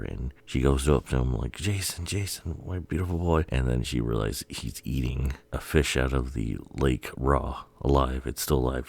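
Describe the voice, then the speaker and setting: A man casually pitching a story idea in a rambling, loose way, with casual swearing. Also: creaky, darkish tone. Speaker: video creator.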